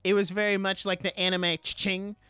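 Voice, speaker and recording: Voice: mid-range voice, level tone, brisk, bright, forceful tone, smooth. A podcast co-host in casual chat, wry and matter-of-fact, now and then acting out quotes.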